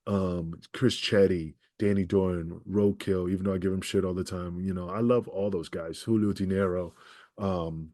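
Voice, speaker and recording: Gruff-voiced man telling a story. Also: sits low, normal speed, no echo, studio quality. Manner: profane, animated storyteller who acts out quoted people. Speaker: guest, former wrestler. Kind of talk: storytelling interview.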